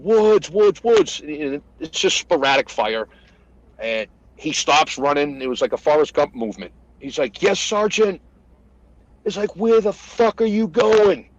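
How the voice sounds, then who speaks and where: A retired American master sergeant, a man, retelling combat stories in casual conversation and acting out the shouted lines. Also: mid-range voice, no echo, dull audio. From United States. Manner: animated retelling, acts out shouted quotes. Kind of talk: conversational war storytelling.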